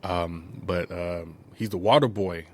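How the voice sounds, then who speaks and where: This podcast host speaks in a low, fairly level voice over faint background noise. Recapping a film on his casual review show, he rambles and digresses with plenty of fillers and tosses in brief impressions of the characters.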